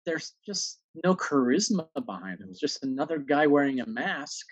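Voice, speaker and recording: A man from New York in casual chat, telling stories in an animated way and acting out other people's lines. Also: on the high side, moderate pace, slightly rough, no echo, low-quality recording. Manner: animated storyteller, acts out voices.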